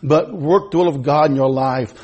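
Husky preacher man, loud then hushed. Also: moderate pace. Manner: swings from loud shouting to quiet low asides, stammers and repeats words. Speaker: pastor. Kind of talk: sermon. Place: church.

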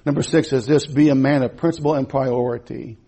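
A middle-aged male pastor preaching a sermon in church, stammering and repeating words, with sudden swings between loud, excited passages and quiet asides. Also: mid-range voice, a little fast, slightly rough.

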